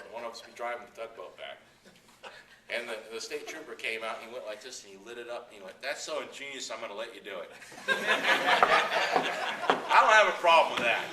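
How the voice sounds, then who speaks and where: A middle-aged man telling fishing stories to a club audience, animated, acting out the people in them and laughing often. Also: fairly low pitch, slight background noise. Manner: animated yarn-spinner, acts out quotes, laughs often. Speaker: guest speaker at anglers club. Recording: echoey room, speaker far from mic.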